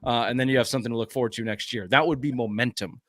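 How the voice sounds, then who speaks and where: A man's voice: medium pitch, rapid-fire, a bit bright, no room sound, clean studio sound. A man hosting a sports talk podcast, ranting emphatically and swearing often in casual heated chat.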